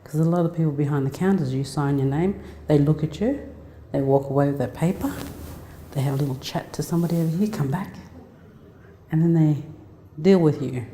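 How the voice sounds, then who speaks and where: Woman, 40s, guest speaker, heartfelt personal storytelling, dark mellow voice, echoey hall. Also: low-pitched, a little fast, slight background noise. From Australia. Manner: heartfelt, conversational, with many restarts. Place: lecture hall. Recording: echoey lecture hall reverb.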